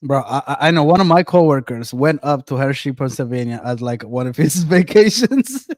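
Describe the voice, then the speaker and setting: A man's voice: mid-range voice, lively intonation, moderate pace, darkish tone, no room sound, studio quality. A man hosting a podcast in a casual, joking, slang-heavy way. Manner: laid-back, joking, slangy. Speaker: podcast host. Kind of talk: casual chat.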